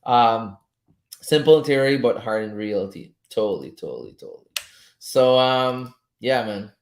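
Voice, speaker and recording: A man whose first language is French, chatting casually as a trading coach while he reads charts live, loose-tongued and quick to chuckle. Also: mid-range voice, animated. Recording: roomy echo.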